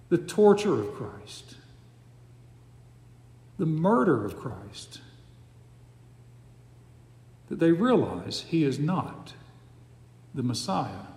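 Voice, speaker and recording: Male preacher, slow and deliberate, slightly high voice, echoing church hall. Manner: slow, emphatic cadence with dramatic pauses. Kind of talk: sermon. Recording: echoey hall with long reverb.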